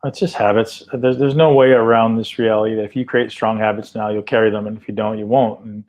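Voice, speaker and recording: A man's voice: fairly low pitch, steady tone, a little fast, a little mellow, low-quality recording. A man hosting a podcast, talking casually and enthusiastically, often checking in with "right?". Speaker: podcast host.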